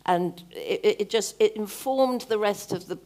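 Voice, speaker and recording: A woman's voice: medium pitch, normal speed. An older woman, an actor and author, speaking at a book festival and acting out her own past thoughts with energy. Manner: lively, acts out remembered thoughts. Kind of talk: live onstage conversation. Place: book festival event stage.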